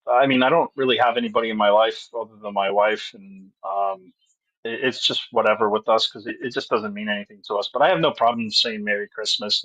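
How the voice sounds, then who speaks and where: A man as a guest in a casual chat, calm and wry, with dry humor. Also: medium pitch, poor audio.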